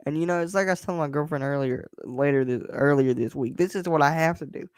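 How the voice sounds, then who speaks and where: A man's voice: on the high side, fast, smooth, no room sound, clean studio sound. A young man hosting his own show, talking in a blunt, emphatic way, swearing freely and often restarting his words. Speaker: host. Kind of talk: casual personal monologue.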